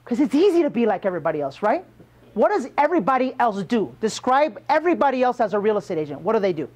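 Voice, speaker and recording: This high-pitched, sing-song man talks fast as he trains salespeople, hammering home his points and peppering the room with questions in a motivational sales session.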